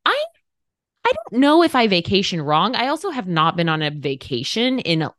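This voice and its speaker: A woman's voice: mid-range voice, very animated, normal speed, a bit bright, dry recording, studio quality. A woman in her thirties talking candidly on her podcast, chatty and encouraging, acting out inner voices as she goes. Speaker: podcast host. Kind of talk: casual motivational monologue.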